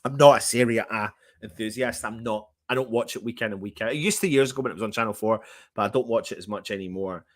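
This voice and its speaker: A man's voice: on the low side, quick pace, dry recording, studio quality. A man hosting a casual football fan livestream, reading out viewer comments in a chatty, matey way. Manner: chatty and matey, often calling viewers mate. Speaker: football fan channel host.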